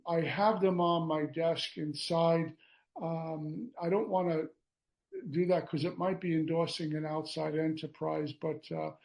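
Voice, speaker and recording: A man, sharing at a recovery meeting over an online call. He talks in a relaxed, rambling way with fillers and self-mocking jokes. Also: fairly high pitch, vocal fry, low-quality recording. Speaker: guest speaker.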